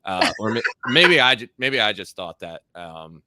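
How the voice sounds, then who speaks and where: A man's voice: fairly low pitch, sing-song, unhurried, noisy background. A man hosting a marketing podcast, chatting casually with playful, joking asides. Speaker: podcast host. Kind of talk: casual interview chat.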